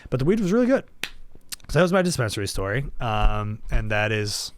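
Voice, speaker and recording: A man hosting a solo podcast, telling a story in a casual, animated, self-deprecating way with plenty of fillers. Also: fairly low pitch, a little fast, clean tone. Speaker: podcast host.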